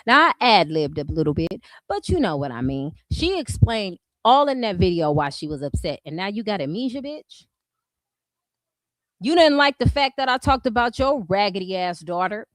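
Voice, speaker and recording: A woman's voice: medium pitch, very animated, moderate pace, a bit bright, no echo. A woman streamer giving blunt, mocking drama commentary, full of rhetorical questions.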